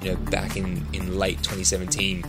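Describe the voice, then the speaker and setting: An enthusiastic male podcast host opens his show with a very deep voice. He talks fast and sounds eager and promotional. Loud music plays under his voice. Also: completely flat delivery. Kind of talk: scripted show intro. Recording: intro over loud music.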